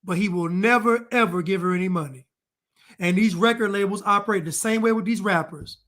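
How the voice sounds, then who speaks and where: A man's voice: high voice, brisk, fairly bright tone. A man delivering an opinion commentary monologue, emphatic and repetitive as he hammers his points home. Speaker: online commentator.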